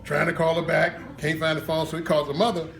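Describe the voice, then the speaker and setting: A man spins stories for a conference crowd in loose, everyday speech, laughing between his lines. He stands well back from the mic in an echoey room, with steady noise under his voice. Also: a little high, brisk, creaky, far from the mic. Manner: colloquial, animated, laughs through his stories. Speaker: lecturer. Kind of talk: storytelling talk to an audience.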